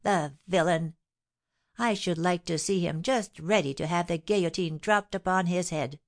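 A woman voicing a shrill, vindictive middle-aged porter's wife who screams and scolds. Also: moderate pace, natural voice. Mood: shrill scolding.

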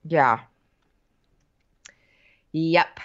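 Slow-talking woman, lo-fi sound. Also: low-pitched, a bit bright. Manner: unhurried, reads from notes, with fillers. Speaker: podcast co-host. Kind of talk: casual chat recapping a TV show.

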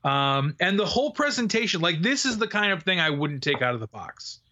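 A man's voice: fairly high pitch, big pitch swings, brisk, sharp tone, dull audio. A man co-hosting a podcast in casual chat, rambling with fillers, restarts and frequent laughs. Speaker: podcast co-host.

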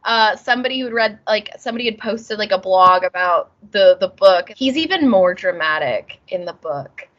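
A woman's voice: medium pitch, expressive, moderate pace, few pauses, a bit bright, dull audio. A woman co-hosting a podcast, chatting casually and animatedly, often acting out characters' lines. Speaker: podcast co-host. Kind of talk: casual chat.

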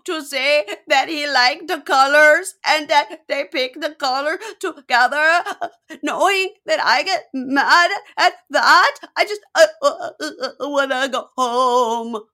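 A woman voicing a furious, jealous young woman who shouts and swears in a shrill voice. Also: slow, exaggerated voice. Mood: sobbing.

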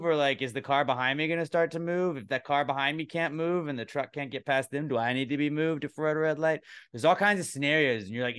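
A man's voice: on the high side, quick pace, few pauses, a bit bright, clear, resonant tone, no room sound. A man hosting a comedy podcast, chatting casually and rambling with lots of filler words. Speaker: podcast host.

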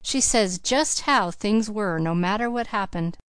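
A woman's voice: mid-range voice, a little slow, a bit bright, smooth, dry recording, close to an everyday voice. Heartfelt young graduate, earnest and wondering, read by a woman.

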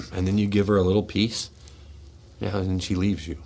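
A low-voiced man hosts a radio show and speaks straight from the gut. He is tearful and his voice shakes. He swings between forceful bursts and hushed, heavy words in a raw, confessional monologue. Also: flat delivery, moderate pace, creaky. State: tearful and shaky. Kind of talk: emotional personal monologue. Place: radio studio.

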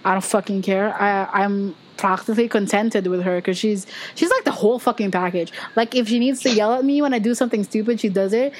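A woman's voice: medium pitch, fairly quick, few pauses. A young woman from the Philippines with a Filipino accent, hosting a casual podcast, rambling, laughing often and swearing freely. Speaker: podcast host. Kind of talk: casual podcast sign-off chat.

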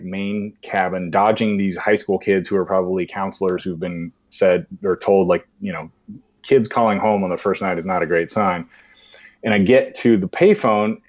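A man, a podcast guest, telling a personal story in conversation and acting out the voices he quotes. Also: on the low side. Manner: animated, acts out voices in quotes. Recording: dull lo-fi sound.

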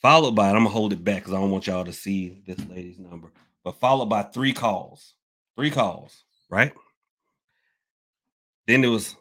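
A man's voice: on the low side, moderate pace, long pauses, fairly bright tone. A man hosting a casual podcast, rambling, repeating himself and calling his listeners y'all. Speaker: podcast host and hoodoo worker. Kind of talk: casual open-topic podcast talk.

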